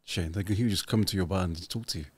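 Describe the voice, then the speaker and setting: A man's voice: low-pitched, rapid-fire, a little mellow, slightly rough, no echo. A man hosting a podcast, asking long, rambling interview questions at an uneven pace. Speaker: podcast host.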